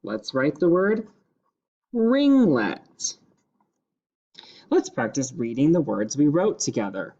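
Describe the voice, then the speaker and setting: A male teacher giving a phonics dictation lesson, sounding out each word part by part in a slow, deliberate way. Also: medium pitch, very animated, mellow, highs cut off.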